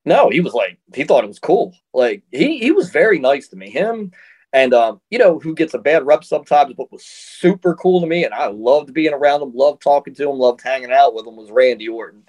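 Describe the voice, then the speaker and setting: A man's voice: mid-range voice, brisk. Laid-back man telling wrestling stories. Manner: relaxed, chatty, laughs often. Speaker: interview guest, professional wrestler. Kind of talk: casual storytelling.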